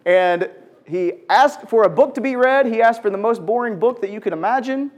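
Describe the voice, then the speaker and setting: A man's voice: high voice, normal speed. A man teaching a conversational Bible lesson to a group in a large church room, asking the audience questions and acting out quotes. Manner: animated, asks the audience questions, acts out quotes.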